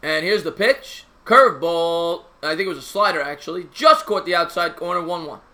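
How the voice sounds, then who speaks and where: A man calls a baseball game live and trades chatter with his viewers between pitches. His voice is high and very bright, and he talks in a slangy, excitable, casual way. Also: moderate pace, a little hiss or hum. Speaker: live stream play-by-play host. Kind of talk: casual live play-by-play with chat replies.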